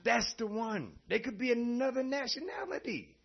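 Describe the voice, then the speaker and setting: A man preaching a sermon, telling stories in an animated way and laughing often. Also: extremely high pitch, normal speed, vocal fry, husky. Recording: dull lo-fi recording.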